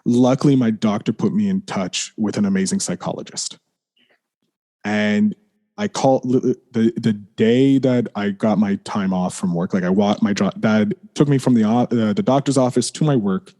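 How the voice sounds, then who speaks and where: A man's voice: on the low side, moderate pace, dark tone. A man, a podcast guest, telling a candid personal story in a rambling way, full of "like" and restarts. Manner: rambling, leans on fillers like "like" and restarts; apologizes for swearing.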